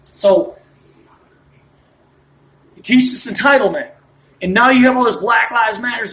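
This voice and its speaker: A man's voice: very high voice, measured pace, pauses often, fairly bright tone, poor audio. A man in his late thirties delivering a ranting monologue, worked up and jumping from point to point as he talks. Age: late 30s. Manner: worked up, rambling, jumps between points.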